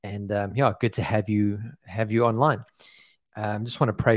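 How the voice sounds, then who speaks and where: A man leading a casual online devotional, praying and reading scripture, then reflecting in a relaxed, conversational way full of "um" and "like.". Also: fairly low pitch, normal speed, no echo. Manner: relaxed, conversational, many fillers like "um" and "like". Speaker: devotional leader.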